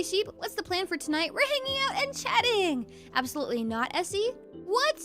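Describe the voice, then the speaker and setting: A woman's voice: very high-pitched, fairly bright tone. A woman streamer chatting casually with her viewers, bubbly and giggly, reading chat aloud.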